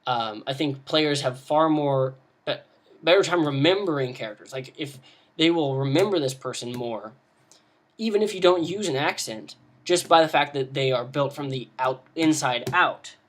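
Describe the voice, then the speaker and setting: A man's voice: on the high side, moderate pace. Rambling man giving game master tips. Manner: rambling, many fillers and restarts. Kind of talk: casual video lesson.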